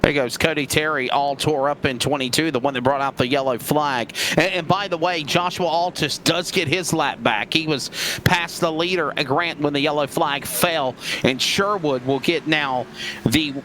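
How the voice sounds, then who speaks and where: A man calling a sim race as lead commentator, with excitable play-by-play and quick reactions. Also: a little high, a little hiss or hum.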